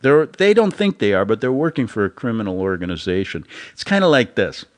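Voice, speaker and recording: A male host rambles through a loose commentary monologue at a brisk clip. His pitch keeps swinging widely up and down, and he chuckles often at his own jokes.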